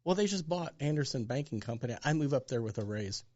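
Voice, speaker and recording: A man in his sixties, a pastor being interviewed, telling a story with lively acted-out dialogue. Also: mid-range voice, fast, muffled recording. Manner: animated storyteller acting out dialogue. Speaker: pastor and guest.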